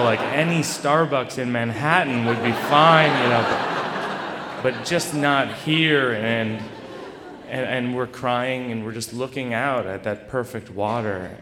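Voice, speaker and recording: A man telling a personal story to a live audience with a rambling, self-deprecating delivery full of halting restarts. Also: mid-range voice, background noise. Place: stage in a large hall. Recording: echoey live hall recording.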